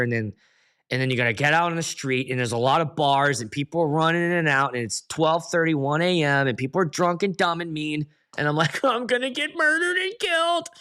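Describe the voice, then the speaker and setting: Hosting a relaxed livestream as a DJ, this man spins lively stories and performs his guests' lines with lots of cursing. His mid-range voice is clear and resonant.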